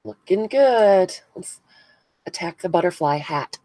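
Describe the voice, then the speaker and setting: A woman's voice: fairly low pitch, expressive, takes it slowly, mellow, dry recording, low-quality recording. A woman hosting a casual craft live stream, chatting with viewers by name as she glues buttons and thinks aloud. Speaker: craft channel host. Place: indoors at a crafting table.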